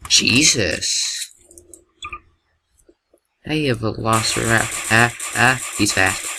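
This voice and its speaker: A young man doing excitable, jokey gameplay commentary with a gravelly voice, yelping at scares. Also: mid-range voice, takes it slowly, background noise.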